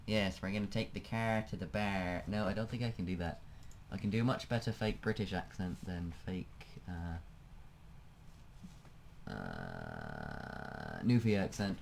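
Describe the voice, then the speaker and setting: A man with a fairly low voice talks casually through a flight-sim game, musing aloud and letting sentences trail off. He sounds like a desk-mic home recording with a faint hum behind him. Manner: chatty, thinking aloud, trailing off. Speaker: let's play host. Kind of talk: casual gameplay commentary.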